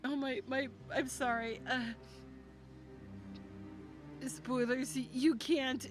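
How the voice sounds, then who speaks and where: A woman's voice: sits high, fairly even intonation, slow pace, long pauses. A woman game streamer chatting casually on a live stream, gushing and affectionate with her viewers. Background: game music.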